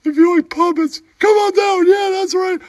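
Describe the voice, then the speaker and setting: A shrill giggling puppet. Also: male voice, fairly even intonation, moderate pace. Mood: giddy. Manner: giggly, shouts a catchphrase often. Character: goofy crude puppet man, giggling and shrill. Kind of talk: puppet comedy bit.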